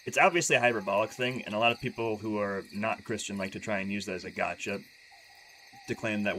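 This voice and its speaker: A man's voice: lowish voice, quick pace, pushed and bright, a little hiss or hum, low-quality recording. A man streaming live who reads aloud and then chats casually, stumbling and restarting his sentences often and making wry asides. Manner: chatty and wry when talking freely.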